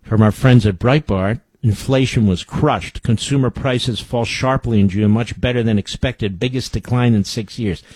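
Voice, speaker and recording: A man's voice: mid-range voice, moderate pace, hardly any pauses, a little mellow, husky, no room sound. A man hosting a political talk show, reading news quotes aloud and breaking in with indignant, sarcastic remarks. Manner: indignant, sarcastic asides between quoted reports. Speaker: radio show host.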